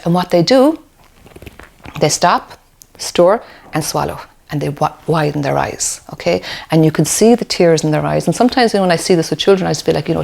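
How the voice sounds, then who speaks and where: A woman's voice: sits low, vocal fry, darkish tone. An Irish woman, a play therapist, explaining parenting in a webinar, often checking in with "okay?". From Ireland.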